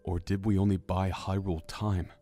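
A man's voice: deep voice, flat delivery, moderate pace, warm tone, faint music behind. Man voicing a weary young hero, Link. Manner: weary, heavy, hesitant. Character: exhausted young male hero, shaken and doubtful. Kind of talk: audiobook character voice.

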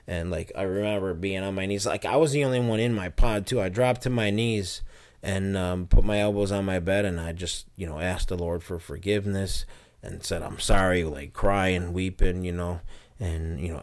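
Low-voiced man telling his testimony. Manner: earnest storytelling, many fillers and restarts. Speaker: interview guest. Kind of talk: personal testimony.

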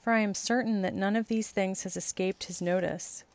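A woman reading scripture and canticles aloud in a measured, steady liturgical style. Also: mid-range voice. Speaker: scripture reader.

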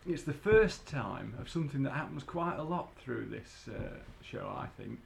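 A man's voice: medium pitch, lively intonation, moderate pace, vocal fry, a little hiss or hum. A man, chatting casually as a podcast co-host, agreeable and fond of tag questions. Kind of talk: casual chat.

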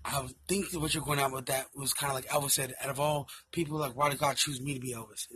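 A man's voice: mid-range voice, steady tone, fast, bright, forceful tone, slight background noise. A man in casual chat, rambling and venting with heavy profanity.

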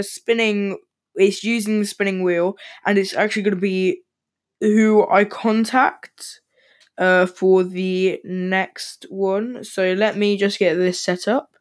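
A male podcast host talking casually and very fast, with lots of ums and restarts. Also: high-pitched, no echo, clean studio sound. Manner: talks very fast with many fillers and restarts. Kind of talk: casual solo podcast talk.

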